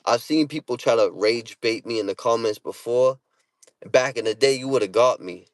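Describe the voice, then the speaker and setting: A man's voice: mid-range voice, normal speed, no echo. A man with a Boston accent, a rapper casually telling stories to his viewers and answering comments in blunt street slang with heavy swearing.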